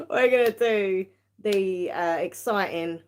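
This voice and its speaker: Tired, giggly woman streamer, mid-pitched, loose casual chat. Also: very animated, slow, darkish tone. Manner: chatty, giggly, self-mocking. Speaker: tarot-reading livestream host.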